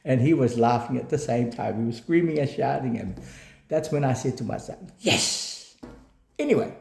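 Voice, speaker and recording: A man telling a lively motivational story about not giving up, switching between English and another language and acting out what others said. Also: mid-range voice, fairly quick, vocal fry, roomy sound. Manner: animated, switches between English and Samoan, acts out quotes.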